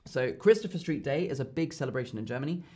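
A young man runs a live online lesson, answering questions in a loose, chatty way. He leans on fillers and says key phrases twice. His voice sits at an ordinary middle pitch. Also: lively intonation, fast talker, a little mellow, husky. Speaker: German tutor hosting a live Q&A. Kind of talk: casual live-stream lesson.

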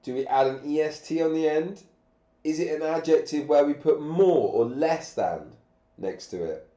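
A man's voice: fairly high pitch, normal speed, warm tone. A man, sick and coughing, teaching grammar on a live stream with patient step-by-step questions. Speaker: English teacher. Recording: echoey, dull lo-fi room sound.

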